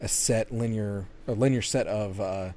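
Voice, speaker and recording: A man's voice: fairly low pitch, moderate pace, dark tone, slight background noise. A man co-hosting a casual gaming podcast, rambling with lots of fillers and restarts. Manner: rambling, filler-heavy, laughs easily. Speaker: podcast co-host.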